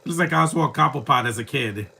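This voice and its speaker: A man's voice: medium pitch, quick pace, vocal fry, sharp tone, husky. A man giving casual live commentary over a film, with rambling, joking asides. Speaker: movie commentator.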